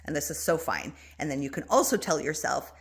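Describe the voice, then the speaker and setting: A woman spiritual coach giving gentle, reassuring advice to an online group and calling listeners by endearments. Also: deep voice, animated, a little fast, slightly rough.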